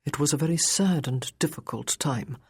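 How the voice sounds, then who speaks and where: A woman reading the part of a composed, reassuring nobleman in an audiobook, speaking slowly and evenly. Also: low-pitched, darkish tone, husky, full character voice. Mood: calm. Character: composed, soothing aristocratic gentleman.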